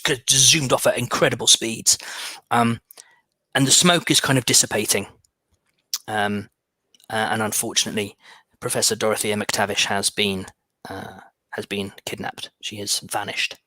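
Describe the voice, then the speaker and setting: A man's voice: lowish voice, steady tone, normal speed, bright, forceful tone, no room sound. A man narrating as game master of a tabletop game, speaking casually with many fillers, restarts and repeated words.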